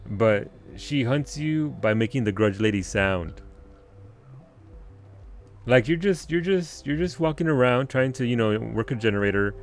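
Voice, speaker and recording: Excitable, swearing male game streamer. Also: medium pitch, unhurried, faint music behind. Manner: excitable, swears often, laughs, thinks aloud. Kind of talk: live gameplay commentary and chat replies.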